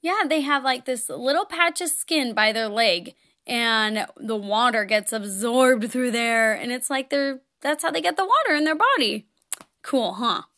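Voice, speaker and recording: A woman hosts a children's program, speaking to young kids in a playful, gently encouraging way. Her voice sits high and bright, and she takes her time with every phrase. She giggles easily between her words. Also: expressive, measured pace. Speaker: children's show host.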